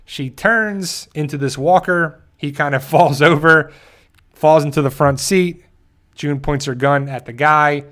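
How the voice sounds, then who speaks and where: A man's voice: on the high side, a bit bright. A man hosting a channel, casually recapping an episode in a rambling way and briefly acting out the characters' lines. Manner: rambling, with frequent restarts and quick acted-out quotes. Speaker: show host.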